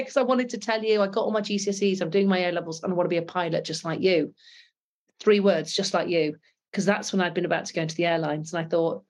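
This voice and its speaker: A British woman, a former pilot and author, talking earnestly in an interview and acting out the dialogue in her stories. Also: on the low side. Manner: earnest, animated, acts out quoted dialogue. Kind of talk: conversational interview storytelling.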